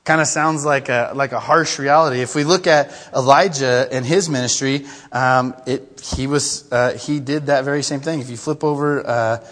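Man pastor, casual sermon, chatty, mid-pitched voice, long hall reverb. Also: steady tone, moderate pace, hardly any pauses, fairly bright tone. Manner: conversational, chatty, with frequent fillers and asides; reads scripture aloud.

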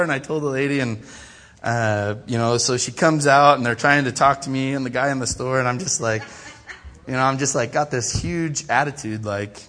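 A man's voice: mid-range voice, fairly quick, a little hiss or hum. A man preaching a sermon in a church, telling funny stories about himself and acting out the voices of the people in them. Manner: animated, self-mocking, acts out quoted voices. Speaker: pastor. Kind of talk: storytelling sermon.

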